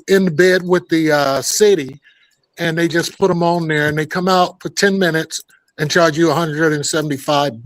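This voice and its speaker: Older dude ranting and cussing on a morning show, kinda high voice, loud jokey vibe. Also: male voice, rough recording. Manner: loud, profane, joking rants. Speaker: co-host. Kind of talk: casual morning show banter.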